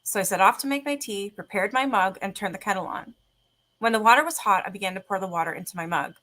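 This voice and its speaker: A woman's voice: mid-range voice, quick pace, bright, forceful tone. A woman host, chatting casually in a rambling, laughing way and reading ghost stories aloud.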